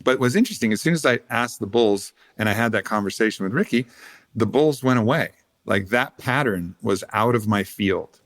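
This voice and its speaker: Low-voiced man telling a rambling story. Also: animated, brisk, fairly bright tone. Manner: rambling, swearing, laughing asides. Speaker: podcast guest. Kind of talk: casual storytelling.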